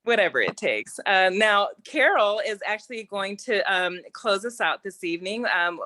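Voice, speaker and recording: A woman's voice: medium pitch, lively intonation, normal speed, pushed and bright. A woman hosting a video call who chats casually and laughs often. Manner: giggly, chatty. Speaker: host. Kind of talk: casual chat.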